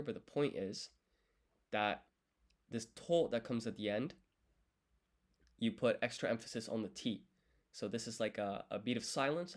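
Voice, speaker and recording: A young man studying on a live stream, counting strokes aloud and explaining each step patiently as he writes. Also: fairly low pitch. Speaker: language learner streaming his study. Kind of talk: casual live study session, thinking aloud.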